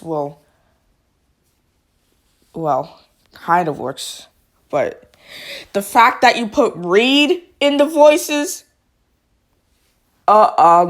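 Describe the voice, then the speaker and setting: Woman, app reviewer, casual and halting delivery, slow-paced and lower-pitched. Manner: halting, restarts often, informal.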